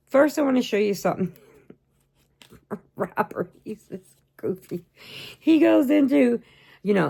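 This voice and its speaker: A woman with a lowish, gravelly, darkish voice hosts a crochet channel. She chats casually and rambles while showing off happy mail she received, laughing often.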